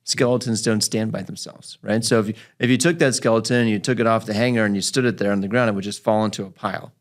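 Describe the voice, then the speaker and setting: A man with a fairly low voice tells a story from his clinic in relaxed podcast chat. He slips into his patient's voice for quoted lines and keeps the telling lively. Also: fast. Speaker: physical therapist podcast host.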